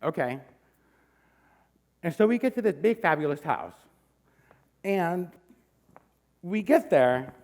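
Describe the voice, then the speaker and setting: A man in his forties tells a funny personal story onstage. He is punchy and self-mocking, and his pitch leaps around in lively swoops. The telling is animated and conversational. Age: 40s. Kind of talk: live comic personal storytelling.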